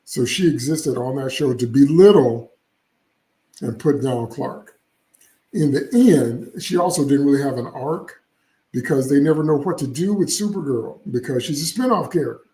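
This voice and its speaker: A man's voice: mid-range voice, expressive, normal speed, dark tone, echoey room, poor audio. A man hosting casual solo commentary, opinionated and chatty with frequent asides. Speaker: comics channel host.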